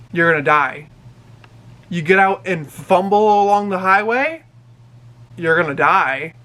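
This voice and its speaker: Animated young man telling a story. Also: sits high. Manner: animated, dramatic storytelling with many quoted voices. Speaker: vlogger. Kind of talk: storytime vlog.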